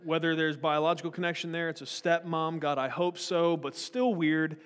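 A man's voice: fairly high pitch, steady tone, normal speed, a bit bright, smooth. A man preaching a sermon in a church, blunt and confrontational with joking asides. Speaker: pastor. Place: church sanctuary. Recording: long echo of a large hall.

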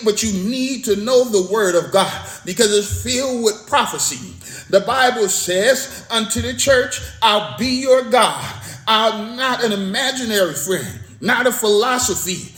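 A man's voice: high voice, measured pace, fairly bright tone, roomy sound. A man preaching a sermon, fervent and repetitive, breaking into spoken praise between points.

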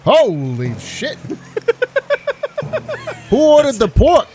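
A man putting on a dim, rowdy enemy sailor who yells in an exaggerated, hammy bad accent. The voice is pushed well above his usual register and sounds loud and crude, like a throwaway thug in a tabletop game. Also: extremely high pitch, huge pitch swings, normal speed, voice pushed up, full character voice. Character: dim-witted hostile male sailor, crude.

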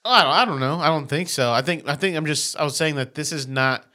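A man's voice: fairly high pitch, fairly quick, bright, forceful tone. A man co-hosting a casual podcast chat, loose and joking, often trailing off and restarting sentences. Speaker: podcast co-host.

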